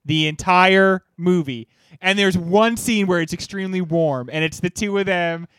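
Brief: excitable male podcast co-host, a bit high-pitched, dry mic. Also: moderate pace, smooth, no room sound. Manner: enthusiastic, rambling with restarts. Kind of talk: casual movie-review podcast chat.

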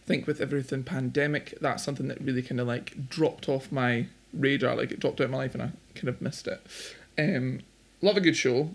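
A man's voice: mid-range voice, steady tone, brisk, creaky, husky. A man in his thirties, a guest in a casual chat, talking in a chatty, self-deprecating way.

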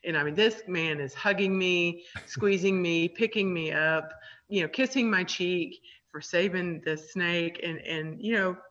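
A woman's voice: lowish voice, unhurried, a bit bright. A woman veterinarian telling stories in a radio interview, chatty and laughing, with many ums and uhs. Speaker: veterinarian guest. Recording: dull lo-fi radio audio.

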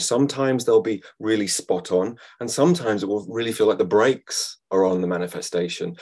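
A man talking casually as a podcast guest, gentle and chatty. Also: on the low side, breathy edge. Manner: gentle, chatty, laughs easily. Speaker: guest, law of attraction and yoga teacher. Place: studio.

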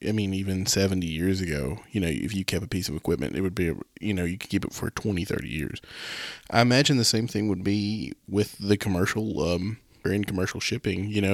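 A man's voice: on the low side, no echo, clean studio sound. A man co-hosting a podcast, thinking aloud in a hesitant, musing way with lots of fillers. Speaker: podcast co-host. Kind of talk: casual podcast chat.

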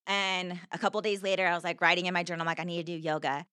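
A woman's voice: fairly low pitch, little pitch movement, very fast, pushed and bright, clear, resonant tone, dry recording, clean studio sound. A woman telling her personal story as a podcast guest, earnest and heartfelt, with lots of "like" fillers. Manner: earnest, heartfelt, heavy use of "like".

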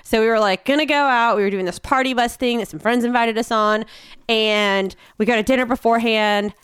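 A young woman co-hosting a relaxed podcast, talking in chatty runs and laughing easily. Her voice sits fairly high and sounds dry and close, with no room around it. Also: clear, resonant tone, no echo. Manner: chatty, laughs often, quick asides. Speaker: podcast co-host. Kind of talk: casual chat.

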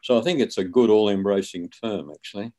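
A man in his seventies, a guest on an interview, telling stories in a relaxed, conversational way. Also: lowish voice, a little fast. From Australia. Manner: relaxed, anecdotal, acts out quoted speech. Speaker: guest, author and physician. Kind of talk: conversational storytelling.

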